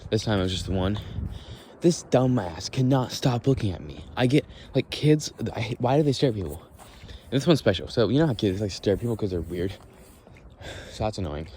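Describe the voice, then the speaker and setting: A man's voice: fairly low pitch, expressive, brisk, mellow, a little hiss or hum. A young man hosting a casual walk-and-talk podcast, rambling bluntly with swearing and frequent restarts, recorded outdoors at dusk. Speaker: podcast host.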